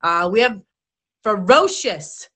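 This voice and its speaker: A woman's voice: mid-range voice, lively intonation, slow, pushed and bright, husky. A woman hosting a live-stream talk show, chatty and giggly, stumbling over her words as she reads out viewer comments. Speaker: host.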